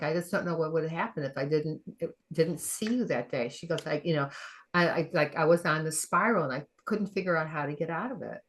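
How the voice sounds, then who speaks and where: A middle-aged woman, a functional medicine practitioner, telling a story in an animated way, acting out the quoted dialogue and laughing often. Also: low-pitched. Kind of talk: conversational storytelling.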